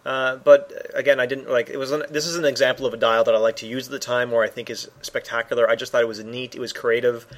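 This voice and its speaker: Casting: Canadian man, animated co-host, casual hobby-podcast banter. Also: medium pitch, quick pace, few pauses. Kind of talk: casual chat about collectible miniatures game.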